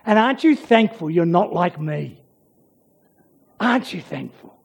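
Slow, emphatic preacher. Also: medium pitch, lively intonation, gravelly, slightly rough. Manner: emphatic, swings between loud urging and hushed near-whispers. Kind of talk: sermon.

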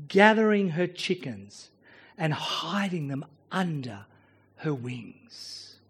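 A man's voice: high voice, fairly bright tone. A man preaching a sermon, earnest and often repeating words as he starts his phrases.

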